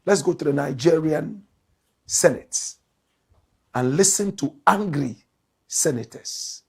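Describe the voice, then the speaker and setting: A man from Ghana hosts a political commentary with a husky, slightly raised voice. He talks emphatically, driving his points home and repeating key phrases. His tone is that of a committed commentator addressing his audience. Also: on the high side, lively intonation, takes it slowly, darkish tone. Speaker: commentator and show host.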